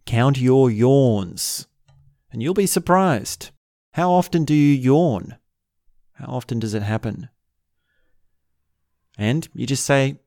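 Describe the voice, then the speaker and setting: A man's voice: mid-range voice, darkish tone, no echo, studio quality. A man hosting a self-help video, talking through a practical tip in a playful, wandering way. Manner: playful, wandering, breaks into laughs. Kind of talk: casual spoken tip monologue.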